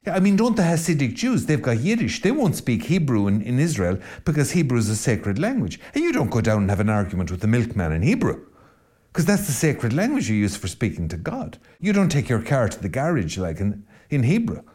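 Irish priest hosting a podcast, lively and rambling, low mellow tone, loud jabs then muttered asides. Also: male voice, a little fast, slightly rough. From Ireland. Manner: animated, rambling and self-mocking, swinging between loud emphasis and low asides. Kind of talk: solo podcast monologue.

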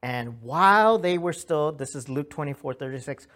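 A man in his thirties preaching a conversational sermon, earnest and animated, telling stories with restarts and asking "right?" along the way. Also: fairly high pitch, normal speed, hardly any pauses. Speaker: pastor.

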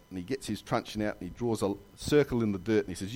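A man preaching a sermon in a church, telling jokes and stories with lively asides. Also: lowish voice, fast talker, hardly any pauses. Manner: animated storytelling with jokes and asides. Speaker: pastor.

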